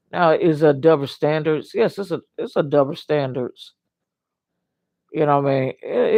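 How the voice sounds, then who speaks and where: Older guy with a gravelly voice, rambly livestream talk, dry close sound, keeps saying you know what i mean. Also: fairly high pitch, no room sound, lo-fi sound. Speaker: livestream host.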